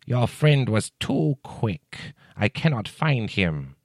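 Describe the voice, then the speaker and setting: A man voicing a cruel, menacing giant owl in a storybook reading, with a high rasping voice and a slow, gloating menace. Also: big pitch swings, no echo, studio quality, heavily acted. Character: cruel menacing predator owl, huge male. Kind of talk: audiobook character voice.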